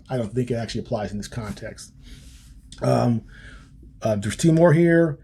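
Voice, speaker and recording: With a medium-pitched, animated voice carrying vocal fry, warmth, and a breathy edge, an American man talks at normal speed. He hosts a political podcast, reading and casually commenting on a policy paper with lots of ums, restarts, and wry remarks.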